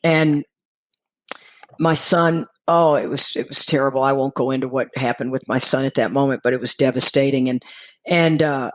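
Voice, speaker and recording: A woman's voice: a bass voice, steady tone, moderate pace, rough recording. A middle-aged woman from Texas sharing her personal recovery story candidly, acting out the dialogue of the people in it. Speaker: guest speaker in recovery.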